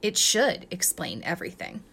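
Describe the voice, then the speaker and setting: A woman reading fan fiction aloud as a guest reader, telling it in a lively, expressive way. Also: on the low side, moderate pace, creaky, slightly rough.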